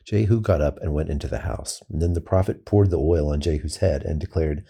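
A man reads scripture aloud at a steady, measured pace. His voice sits very low, with a gravelly, creaky grain. The tone is dark and husky. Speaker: scripture reader. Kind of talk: scripture reading.

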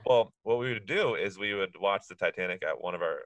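Male co-host, 30s, fast, joking storyteller, bright lowish voice, dry close mic. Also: dry recording, poor audio. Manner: quick, joking, animated storytelling. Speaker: podcast co-host. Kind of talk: casual chat.

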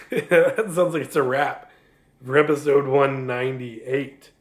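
A man's voice: mid-range voice, takes it slowly. Laughing man co-hosting a podcast. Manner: jokey, laughs often, teasing. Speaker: podcast co-host. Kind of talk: casual chat.

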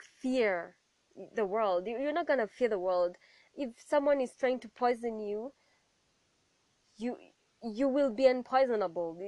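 A young adult woman giving a personal faith testimony in an animated storytelling way, acting out what other people said to her. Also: fairly high pitch, no room sound. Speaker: testimony speaker.

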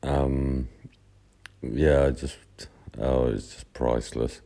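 A man telling a casual, rambling anecdote with many pauses, fillers and restarts. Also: very deep voice, flat delivery, gravelly, mellow. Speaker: podcast storyteller.

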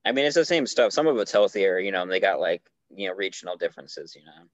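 Lively joking podcast guy, lo-fi. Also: low-pitched, fast, no room sound. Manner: joking, loose, tipsy-sounding. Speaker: podcast co-host. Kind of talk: casual chat. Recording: dull, dry lo-fi sound.

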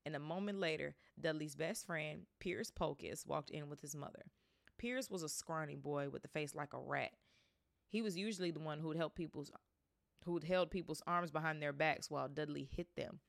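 A woman reads a book aloud for her podcast in a low, gravelly voice. She reads casually and breaks off to chat about what she has read. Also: normal speed. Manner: chatty, breaks off to react. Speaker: podcast host reading aloud.

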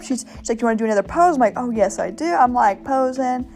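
A young woman talks very quickly in a slightly high voice, rambling through her story with plenty of fillers and acting out her own quotes. It is a casual solo podcast with faint music underneath. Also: darkish tone. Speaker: podcast host.

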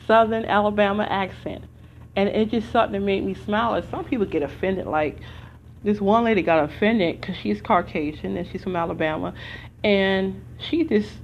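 A woman's voice: medium pitch, highs cut off, a little hiss or hum. A woman from the United States hosting a podcast, talking in an earnest, rambling way with many restarts. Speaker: podcast host. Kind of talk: casual spoken commentary.

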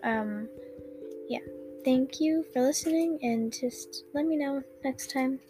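A woman reading her own fan fiction aloud, halting and stuttering with many fillers, with music playing behind. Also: high voice. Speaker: storyteller.

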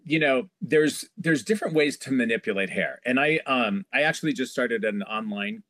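A man, a hairstylist guest, telling lively backstage stories in a casual interview and acting out the people he quotes. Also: medium pitch, moderate pace. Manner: animated storyteller, acts out quoted voices.

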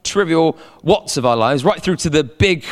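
A man preaching a sermon as a pastor, animated, repeating words and calling on the congregation to respond. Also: fairly high pitch, moderate pace. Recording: long hall reverb.

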